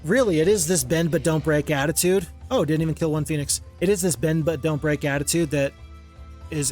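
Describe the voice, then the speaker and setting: A man's voice: on the high side, a little mellow. A man giving casual gameplay commentary as a channel host, thinking aloud, counting under his breath and criticizing his own moves.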